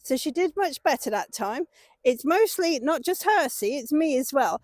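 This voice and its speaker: Woman, high voice, dry close sound, casual horse vlog, encouraging and chatty. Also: expressive, normal speed, dry recording. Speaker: horse owner and channel host. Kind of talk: casual vlog narration while working a horse. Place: outdoors in a field with horses.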